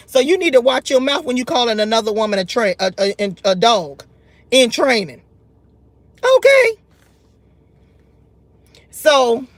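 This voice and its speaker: A woman's voice: sits high, dry recording. A woman delivering a heated, scolding commentary rant, often repeating and restarting her words. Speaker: YouTube commentary host.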